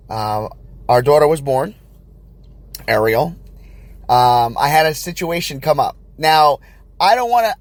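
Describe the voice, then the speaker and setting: A young man, a new father hosting a podcast, telling a personal story in a rambling, animated way with many restarts. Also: on the high side, no room sound. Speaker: podcast host.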